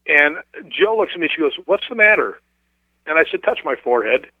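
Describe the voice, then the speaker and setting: A man tells a story over a thin, tinny phone line, his voice pitched a bit high. He talks in an animated way and acts out the other people's voices. The sound is dry and close. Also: fast talker, dry recording. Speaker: guest telling a ghost story. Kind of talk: casual storytelling.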